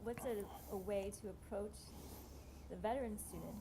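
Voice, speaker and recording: A woman's voice: mid-range voice, normal speed. A woman in the audience asking a hesitant question, restarting as she goes. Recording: faint, far-off voice over room noise.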